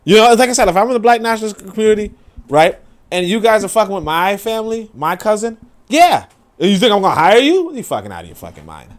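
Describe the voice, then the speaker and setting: A man's voice: high voice, lively intonation, fast talker. A man hosting a podcast, ranting in casual, profane commentary with lots of fillers as he reacts to posts. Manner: profane, rambling rant with many fillers. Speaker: podcast host.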